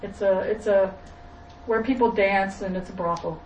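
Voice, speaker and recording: A woman's voice: medium pitch, moderate pace, reverberant, far from the mic, a little hiss or hum, poor audio. A woman retelling a film to a group in a rambling, self-correcting way. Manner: rambling, restarting.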